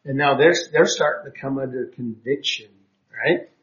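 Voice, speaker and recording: A man's voice: mid-range voice, fairly quick, a bit bright. A man teaching a Bible class, reading verses aloud and explaining them with frequent hesitations. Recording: roomy, dull lo-fi classroom recording.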